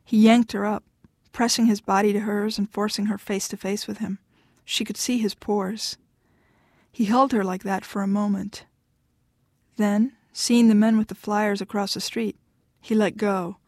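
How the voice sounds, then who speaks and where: Here a woman with a medium-pitched voice narrates a scripted audiobook story at a measured pace. Her delivery is steady, and the recording is dry.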